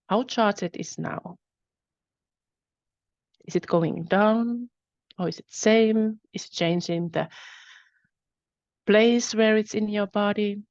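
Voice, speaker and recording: A woman hosting a webinar, guiding a tapping exercise with calm, repetitive phrases to repeat after her. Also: medium pitch, dry recording, dull audio. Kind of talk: guided repeat-after-me instruction.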